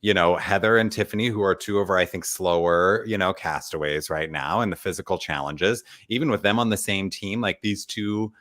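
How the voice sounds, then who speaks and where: A man's voice: low-pitched, a little fast, few pauses, fairly bright tone. A man co-hosting a casual reality TV recap, talking animatedly and acting out other people's quotes in put-on voices. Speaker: podcast co-host.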